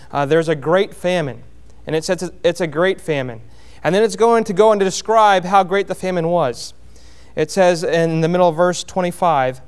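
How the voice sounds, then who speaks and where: A man preaching a sermon, explaining a Bible passage verse by verse in a plainspoken way, with frequent pauses and restarts. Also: high-pitched, clean tone. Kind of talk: sermon, expository Bible teaching.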